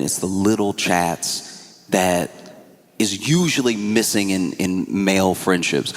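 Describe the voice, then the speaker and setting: A man's voice: sits low, slow. A man doing stand-up comedy, telling stories and acting out phone calls. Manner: animated storytelling, acting out calls. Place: comedy stage before a live audience. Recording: reverberant hall with audience noise.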